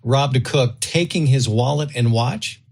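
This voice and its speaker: A man's voice: medium pitch, measured pace, darkish tone. A man co-hosting a podcast, reading odd news stories aloud and laughing often. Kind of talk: casual chat.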